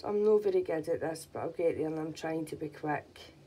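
A woman chatting casually in a home vlog as she checks her pigeons' eggs, cooing gently to the birds. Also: deep voice, fairly quick, slight background noise. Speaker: pigeon keeper.

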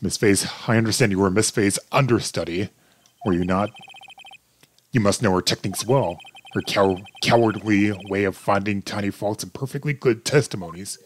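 A man voicing a smug, arrogant male prosecutor in a game playthrough, smooth and condescending. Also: lowish voice, normal speed, slight background noise, lightly acted. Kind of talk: let's play voice acting.

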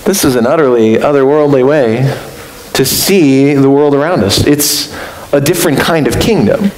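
A man preaching a sermon as pastor, earnest and reflective, lifting his voice high for emphasis. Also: animated, normal speed, a little mellow. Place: church sanctuary. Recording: roomy echo with faint hiss.

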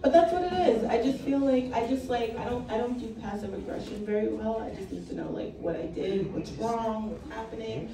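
A woman's voice: fairly high pitch, brisk, hardly any pauses, background noise. A woman from Brooklyn doing a stand-up set on a comedy club stage, telling stories in a blunt, profane way. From Brooklyn, New York. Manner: blunt, profane, animated storytelling. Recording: echoey club, mic heard from a distance, crowd laughter.

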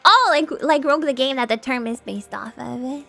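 A woman's voice: high voice, normal speed, vocal fry, sharp tone. A young woman streaming a video game, chatting casually and giggling as she reacts to what happens on screen. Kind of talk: casual gameplay commentary. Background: game music.

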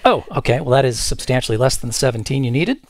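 A man's voice: mid-range voice, lively intonation, quick pace, no room sound, studio quality. A man playing a tabletop game, casting spells and explaining rules in a wry, wordy way. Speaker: player. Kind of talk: casual game play chat.

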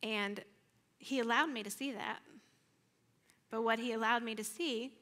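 A woman's voice: fairly high pitch, a little slow, fairly bright tone, big-room sound. A woman sharing a personal testimony in a sermon at church, earnest and emotional, sometimes sinking to a near-whisper. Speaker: church speaker. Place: church sanctuary.

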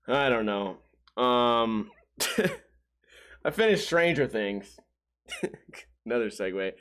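A man's voice: mid-range voice, big pitch swings, very slow, long pauses, a bit bright. A man hosting a podcast alone, rambling and joking, often trailing off with "like". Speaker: podcast host. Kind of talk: casual solo podcast rant.

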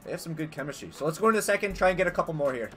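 A young man giving casual, excitable gameplay commentary as a gaming channel host, swearing and yelling at big plays. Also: on the high side, rapid-fire, soft background music. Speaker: gaming youtuber.

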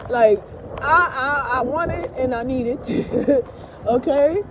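A woman's voice: high-pitched, takes it slowly. A woman talking casually to her viewers in a rambling vlog, cursing freely and constantly asking if they understand, recorded outdoors by a street. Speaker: vlogger. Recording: street noise behind the voice. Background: passing traffic and car engine noise.

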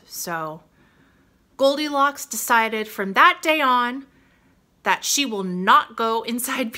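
A woman reading a children's storytime aloud in an expressive, exaggerated way. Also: medium pitch.

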